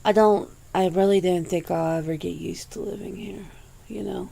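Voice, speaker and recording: A woman hosting a casual, soft-spoken ASMR chat, rambling along with easy swearing and frequent laughs, close to the mic. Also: lowish voice, steady tone, normal speed, vocal fry. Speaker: ASMR channel host.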